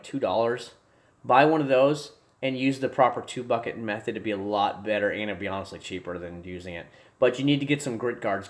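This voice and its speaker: A young man casually chatting to his livestream viewers from a room at home, rambling, restarting sentences and breaking into excited bursts. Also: medium pitch. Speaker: livestream host. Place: home room with desk and gear.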